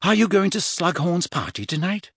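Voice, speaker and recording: A man's voice: high-pitched, sing-song, normal speed, gravelly, slightly rough, dry recording, studio quality, voice pushed up, full character voice. A man voicing a clever teenage schoolgirl who speaks sweetly and pointedly in a storybook reading.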